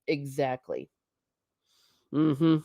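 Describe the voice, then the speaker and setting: A woman's voice: low voice, very animated, very slow, dark tone, dry recording, clean studio sound. A woman from the United States hosting a casual livestream, chatting and rambling, reading viewer comments aloud and laughing often. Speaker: livestream host reading chat.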